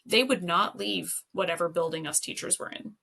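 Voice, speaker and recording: A woman's voice: lowish voice, normal speed, creaky, sharp tone. A woman educator, a guest on an interview podcast, telling anecdotes casually with lots of laughter and fillers.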